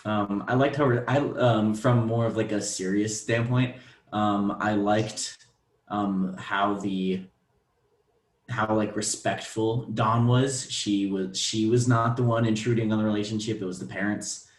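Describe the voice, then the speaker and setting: Young guy chatting about a movie, low voice, lots of ums, roomy echo. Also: steady tone, a little slow. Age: young adult. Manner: thoughtful, many ums and restarts. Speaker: podcast co-host. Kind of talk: casual movie discussion.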